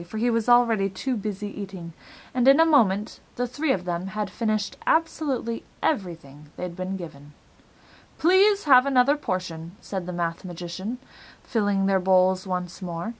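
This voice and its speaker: A woman reading a children's chapter book aloud with expressive storytelling. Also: mid-range voice. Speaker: storybook reader.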